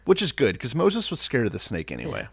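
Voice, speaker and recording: A man's voice: medium pitch, wildly swooping pitch, quick pace, creaky, slightly rough, no room sound. A man co-hosting a casual podcast, joking and retelling stories in slangy, swearing quoted voices. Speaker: podcast co-host. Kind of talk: casual irreverent chat.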